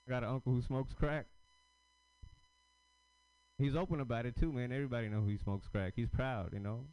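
Male stand-up, mid-pitched, rambling self-deprecating set, dull lo-fi live recording. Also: a little fast, smooth. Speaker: stand-up comedian. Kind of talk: stand-up set at open mic.

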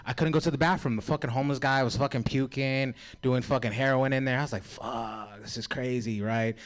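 A man's voice: medium pitch, fairly even intonation, fast talker, smooth. A man doing a stand-up comedy set, crude and self-deprecating, laughing at his own jokes. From San Francisco.

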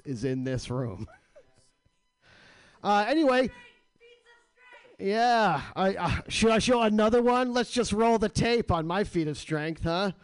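A man's voice: a little high, clean tone, no room sound. A man hosting a radio show, ranting with crude, sarcastic comedy in a studio.

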